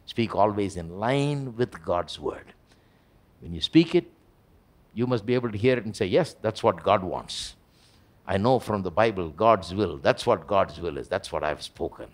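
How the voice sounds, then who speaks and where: A man preaching a live church sermon as pastor, acting out quotes with sudden jumps in pitch. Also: moderate pace. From India. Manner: animated, acts out quotes with big pitch jumps. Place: church service hall.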